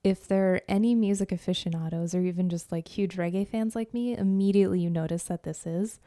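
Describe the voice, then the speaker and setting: Low, mellow-voiced chatty woman. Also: steady tone, brisk, no echo, clean studio sound. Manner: chatty, enthusiastic, lots of "like" and "um". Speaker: podcast co-host. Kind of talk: casual podcast chat.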